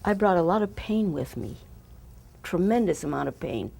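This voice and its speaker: A woman in her eighties, born in Europe, giving personal testimony in an earnest, halting way, often repeating and restarting words. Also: on the low side, lively intonation, gravelly, slightly rough. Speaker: Holocaust survivor giving testimony. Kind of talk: personal testimony, recalled aloud. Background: soft instrumental music.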